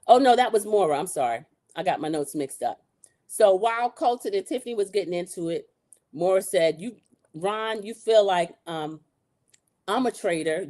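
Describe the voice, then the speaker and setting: A woman's voice: medium pitch, a little mellow. A woman hosting a casual recap, retelling scenes with quoted dialogue and blunt opinions. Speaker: show recap host.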